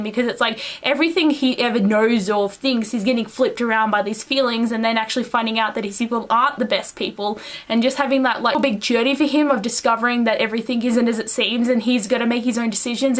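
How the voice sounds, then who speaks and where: A young woman reviewing a book in a casual, gushing and rambling way, full of fillers and excited outbursts. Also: a little high. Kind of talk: casual chat.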